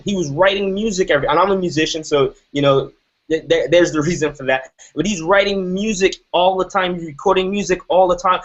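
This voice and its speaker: A man in his thirties giving an emphatic motivational talk, often asking "right?". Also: a little high. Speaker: motivational speaker. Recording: dull lo-fi recording.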